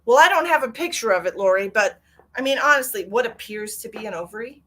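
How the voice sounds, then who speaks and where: A woman's voice: a little high, lively intonation, fast talker, a bit bright. A middle-aged woman hosting a livestream, chatting candidly and emotionally, swearing freely and reading out viewer comments. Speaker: psychic medium livestream host. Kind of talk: casual livestream chat.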